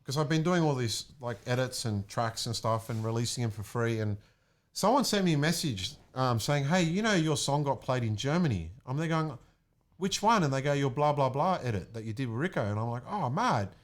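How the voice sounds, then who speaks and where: A young man from Australia, telling an excited story in a casual chat and acting out what people said. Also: medium pitch, brisk. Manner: excited, animated, acts out quotes. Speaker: guest, music producer.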